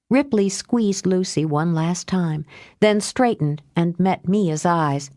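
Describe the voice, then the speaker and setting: A woman narrating an audiobook in a measured, unhurried way. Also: on the low side, lively intonation, a little mellow, no echo, clean studio sound. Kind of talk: scripted narration.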